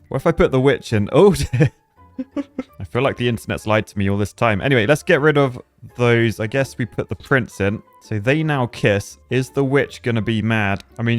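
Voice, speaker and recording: Brief: playful young gamer, chatty commentary, faint music bed. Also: male voice, medium pitch. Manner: chatty, laughing, jumps into silly character voices. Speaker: gaming youtuber. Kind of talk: playful let's-play commentary.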